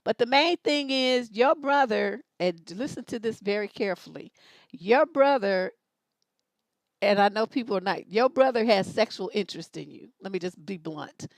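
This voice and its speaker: A woman's voice: medium pitch, moderate pace, creaky, few pauses, no echo. Woman advice host, blunt and emphatic, casual, dry close sound. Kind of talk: live advice show, casual talk.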